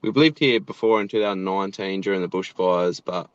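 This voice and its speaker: Laid-back, low-voiced Australian man. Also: fairly quick, smooth, no room sound, dull audio. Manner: laid-back, swears a lot, rambling. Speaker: animator and show creator, guest. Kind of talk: casual interview chat.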